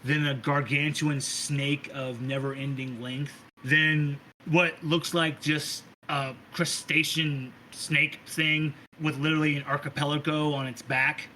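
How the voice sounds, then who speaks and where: A man's voice: on the high side, unhurried, hardly any pauses, slight background noise, poor audio. A man narrating a tabletop role-playing game as game master, casual and profane. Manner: casual, profane, lively describing.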